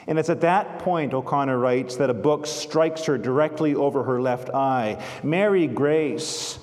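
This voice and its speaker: A man's voice: medium pitch, unhurried, darkish tone. A male pastor delivering a sermon, telling stories and quoting writers in an earnest manner. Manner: earnest storytelling, literary quotations. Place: church sanctuary. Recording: long church reverb.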